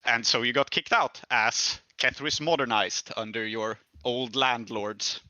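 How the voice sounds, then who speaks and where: Cheerful man running the game, very bright voice, dry close mic, casual podcast host. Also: medium pitch, measured pace, dry recording. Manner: upbeat, laughs often, many fillers.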